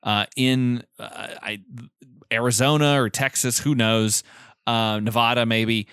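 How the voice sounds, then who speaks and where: A man co-hosting a podcast chats casually, laughing often as he retells film scenes. His medium-pitched voice is unhurried, fairly even, fairly bright, clear and resonant, captured dry with studio quality.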